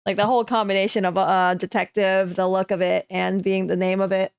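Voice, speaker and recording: A woman's voice: medium pitch, level tone, brisk, creaky, clear, resonant tone, no room sound, clean studio sound. A woman hosting a game stream, chatting casually and rambling, swearing freely. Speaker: streamer host.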